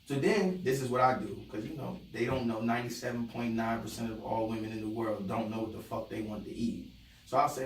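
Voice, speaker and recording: Male podcast guest, lively and profane, plays out both sides of his stories; roomy sound, faint ambience. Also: mid-range voice, brisk, recorded from a distance, slight background noise. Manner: animated, profane, acts out both sides of arguments. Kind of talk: casual chat. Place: podcast studio.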